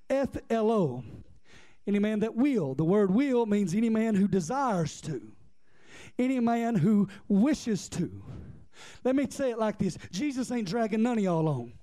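A male preacher delivering a sermon with impassioned, rhythmic repetition and bursts of shouting, speaking directly to the congregation. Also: sits high.

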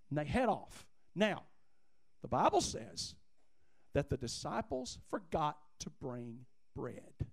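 A man preaching a sermon with lively delivery, acting out the people in the story and calling on the congregation to answer back. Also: high voice, low-quality recording. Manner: animated preaching, acts out voices, calls on the congregation. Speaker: pastor.

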